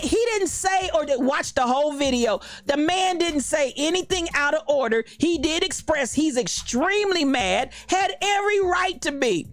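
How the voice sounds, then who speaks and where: A woman's voice: high-pitched, no echo. A woman from Kansas City hosting a podcast livestream, talking with passion about current events and greeting people in the live chat. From Kansas City, USA. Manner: passionate, preachy, talks back to live chat. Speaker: podcast host.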